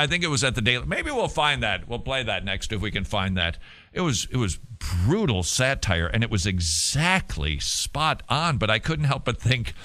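A man hosting a talk radio show, animated and opinionated, shifting between mockery and heated emphasis. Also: mid-range voice, no echo.

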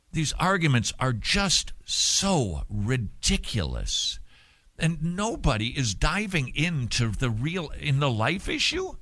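Male host, sarcastic commentary, bright and animated, dry close sound. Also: mid-range voice, no echo. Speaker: show host. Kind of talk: opinion commentary.

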